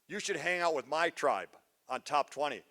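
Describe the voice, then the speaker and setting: A middle-aged man giving a live parenting talk to an audience, joking, goofy and energetic, teasing the crowd. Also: on the high side, normal speed. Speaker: parenting seminar speaker. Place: school event before a live audience.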